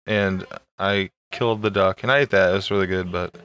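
Bright-toned man in casual chat. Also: low-pitched, steady tone, fairly quick, highs cut off. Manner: laid-back, laughs often. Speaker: podcast co-host.

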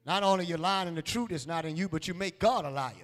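High-voiced preacher shouting in a hall. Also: male voice, quick pace. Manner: call-and-response preaching, repeats lines, rising to shouts. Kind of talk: sermon. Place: church sanctuary.

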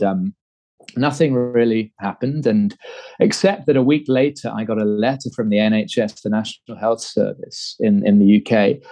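English guy in his thirties, rambling storyteller, lowish mellow voice. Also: no echo, poor audio. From England. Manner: rambling, many fillers and restarts. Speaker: guest. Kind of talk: conversational storytelling.

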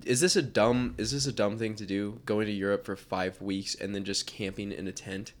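A man's voice: lowish voice, steady tone. A young man hosting a podcast, joking and teasing his friends in casual chat. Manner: joking, teasing, quick banter. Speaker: podcast host.

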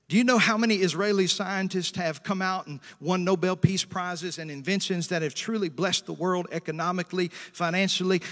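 A male pastor with a high, fairly bright voice preaches with a long reverb tail behind him. He calls for amens and hallelujahs from the congregation in call-and-response fashion, slowing down and stretching out scripture quotes to stress them.

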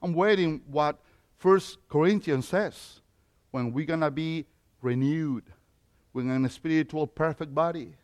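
A man in his fifties from Mexico, with a Mexican Spanish accent, preaching a sermon as pastor, moving from quiet reflection to loud emphatic points. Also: a little high, measured pace. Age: 50s.

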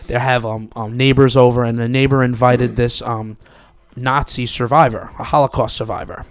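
A man's voice: mid-range voice, normal speed, clean tone, no echo. A man whose first language is Spanish, co-hosting a casual podcast chat and telling stories with lots of swearing and laughter. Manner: animated storyteller, swears and laughs often. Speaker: podcast co-host.

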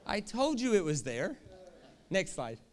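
A man preaching a sermon in a jokey, animated way, often checking in with the crowd with quick questions. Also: sits high. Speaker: pastor.

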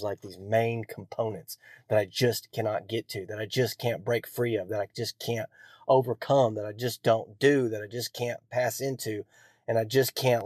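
A man's voice: lowish voice, a little mellow, no room sound, clean studio sound. A man hosting a solo podcast, ranting in a bitter, profane, self-lacerating way, rambling with many restarts. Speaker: podcast host. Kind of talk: solo rant.

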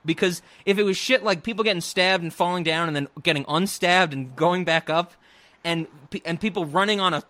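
A man with a high voice talks about a movie with animated energy, often laughing and mimicking lines in a shrill voice. The sound is dry and close. The chat is casual, like a podcast. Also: fairly quick, dry recording. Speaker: podcast co-host.

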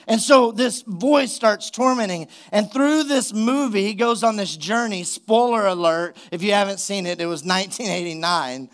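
A man's voice: sits high, moderate pace, few pauses. A man preaching a sermon as pastor, retelling a story casually before building to emphatic exhortation.

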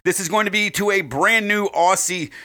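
A man's voice: high-pitched, moderate pace, sharp tone. A man co-hosting a casual podcast, rambling with lots of fillers and swearing. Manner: rambling, profane, many fillers. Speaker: podcast co-host.

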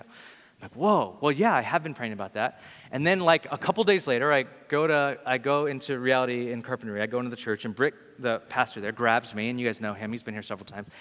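A man's voice: mid-range voice, moderate pace, a bit bright, slight background noise. A man preaching as a pastor, telling stories in a casual way and acting out the voices of the people he quotes. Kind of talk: sermon storytelling. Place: church hall. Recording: long hall reverb.

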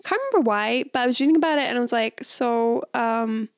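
A woman co-hosting a podcast, chatting in a lively way with quick exclamations and laughter. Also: on the high side, clean tone, no echo, studio quality. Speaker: podcast co-host. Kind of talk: casual chat.

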